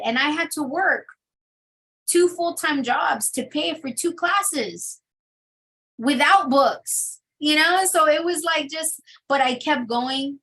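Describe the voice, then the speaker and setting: A woman's voice: high-pitched, a bit bright, poor audio. Woman telling her testimony in an interview, chatty and candid, lots of "like" and "you know". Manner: candid storytelling with many fillers. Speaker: interview guest. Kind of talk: personal testimony.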